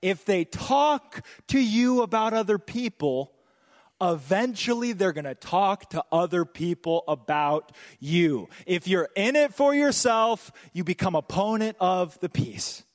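A young pastor preaches in a high, lively voice that swoops up and down. He jokes and drops into quick voiced asides. The sound rings with the long reverb of a church hall. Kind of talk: sermon.

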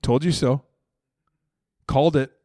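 A man's voice: medium pitch, steady tone, unhurried, warm tone, no room sound. A man preaching a sermon in a conversational way, acting out the dialogue of the story in casual, everyday voices. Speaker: pastor.

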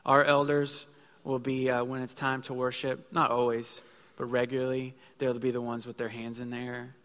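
A man's voice: mid-range voice, completely flat delivery, normal speed, a bit bright. A man in his thirties preaching a sermon in a conversational way, acting out little quotes as he goes. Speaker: pastor. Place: church sanctuary. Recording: long hall reverb with faint music.

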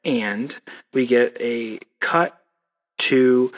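A man's voice: mid-range voice, extremely slow. A man co-hosting a podcast, chatting casually about a movie and quoting lines in put-on voices. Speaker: podcast co-host.

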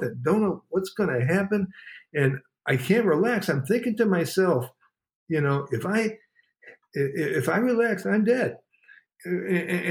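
A man, a motivational speaker, telling a personal story in an interview with an earnest, emphatic delivery that repeats phrases. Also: medium pitch.

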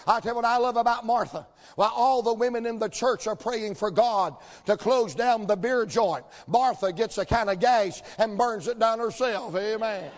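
A man preaching a folksy sermon in a church, telling the story with energy and building to shouts. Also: high-pitched, normal speed, hardly any pauses. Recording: long hall reverb.

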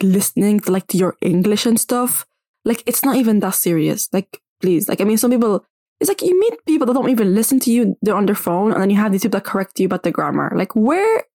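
A young woman vlogger ranting casually to camera, blunt and animated, with "like" in almost every phrase. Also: medium pitch, dry recording, clean studio sound. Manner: blunt, animated, says "like" constantly.

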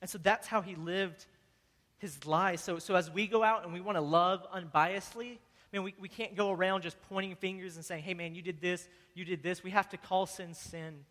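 A man delivers a sermon in an easygoing, heartfelt way, stumbling over repeated words and peppering his talk with "man." His voice sits high and sounds bright and forward. It rings out with a long reverb, as if in a large hall. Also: steady tone, normal speed. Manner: casual, earnest preaching with frequent "man" and repeated words. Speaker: pastor.

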